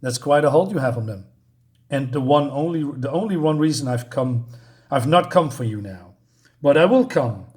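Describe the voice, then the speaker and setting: A man's voice: medium pitch, expressive, moderate pace, darkish tone, lightly acted. Comic-book vigilante, stern and menacing, male reviewer reading aloud, barely acted. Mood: threatening. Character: grim masked male vigilante, threatening.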